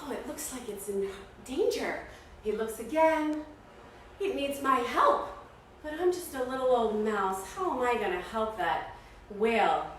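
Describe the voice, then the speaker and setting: A woman puts on a tiny, kind-hearted male mouse from a storybook, earnest and fretful as he pleads for help. His voice swoops high and lively, heard in an echoey room from some distance off the mic. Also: measured pace, a little hiss or hum. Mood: worried.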